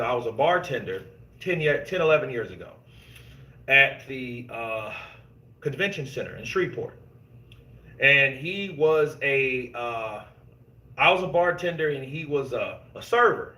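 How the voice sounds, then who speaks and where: A man hosting casual boxing commentary, reading viewer comments and telling stories in an animated, emphatic way, swearing freely. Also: medium pitch, moderate pace. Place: gym. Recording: echoey gym room.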